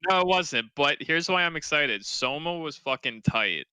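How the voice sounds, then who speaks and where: Bright-toned, smooth male co-host, emphatic and profane, close dry mic, casual gaming banter. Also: fairly high pitch, animated, moderate pace, no room sound, rough recording. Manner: emphatic, swears often, argumentative. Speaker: podcast co-host.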